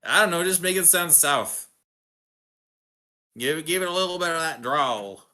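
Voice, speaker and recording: A man's voice: a little high, animated, moderate pace, sharp tone. A man co-hosting a stream, easygoing, often stammering on his words. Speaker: co-host and reader. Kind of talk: casual stream chat.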